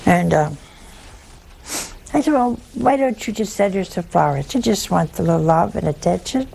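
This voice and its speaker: An older woman preaching on forgiveness, telling wry anecdotes and quoting slowly and deliberately. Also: fairly low pitch, lively intonation, creaky, dark tone, breathy edge. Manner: storytelling, slow deliberate quoting, wry humor. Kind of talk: religious talk with anecdotes.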